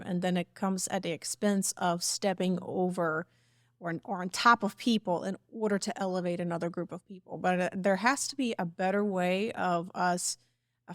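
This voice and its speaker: A woman's voice: mid-range voice, no echo, clean studio sound. A woman co-hosting a faith-based discussion, speaking in a thoughtful, conversational way.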